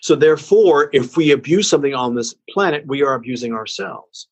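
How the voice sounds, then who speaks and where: A man guest on an interview podcast giving a heartfelt spiritual message, slow and emphatic in an earnest, preaching way. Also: medium pitch, animated, husky.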